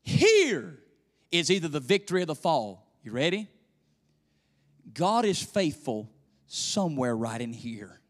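A male pastor preaching a sermon in a church, swinging between loud emphasis and hushed near-whispers. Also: on the high side, sing-song, unhurried, long pauses. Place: church sanctuary. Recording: echoey church hall reverb.

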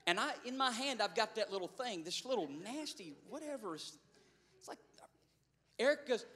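High-voiced preacher. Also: male voice, expressive, normal speed. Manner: storytelling, building to shouted preaching. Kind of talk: sermon.

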